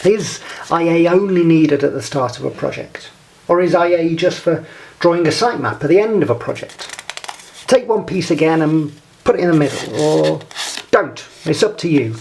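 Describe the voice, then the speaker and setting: A man presenting a scripted instructional talk, speaking in a measured, deliberate way and guiding the listener step by step. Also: fairly high pitch, creaky, a little mellow, a little hiss or hum.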